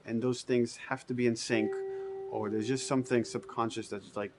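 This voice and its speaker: A man's voice: mid-range voice, fairly even intonation, normal speed, noisy background. A man, a game developer, thoughtfully explaining the creative process in an interview.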